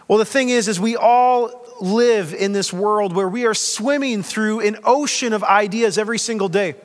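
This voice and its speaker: A man's voice: high voice, fairly quick, long reverb tail. A man preaching a sermon as pastor, in a conversational way with light humor.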